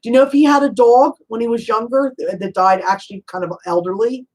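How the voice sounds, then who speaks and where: A woman with a fairly high voice speaks on a rough recording. She's a psychic medium doing a casual, chatty reading, laughing a lot, calling the listener honey, saying "you know" often, and firing off quick probing questions.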